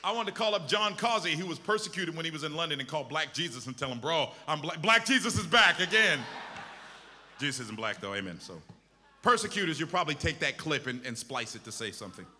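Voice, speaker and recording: A man's voice: a little high, animated, fast talker, pushed and bright, long reverb tail, a little hiss or hum. A male pastor preaching a sermon with impassioned, repetitive exhortations.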